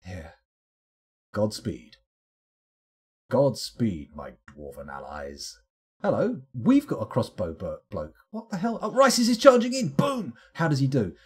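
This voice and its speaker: A man streaming live gameplay, narrating combat excitedly and joking with the game's characters. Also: fairly high pitch, normal speed, hardly any pauses, husky. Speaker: game streamer.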